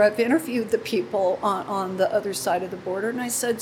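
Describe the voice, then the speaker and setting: A woman in her sixties speaking in an interview, heartfelt and halting, close to tears at times. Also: mid-range voice, fairly even intonation, slight background noise, poor audio. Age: 60s. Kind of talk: emotional testimony.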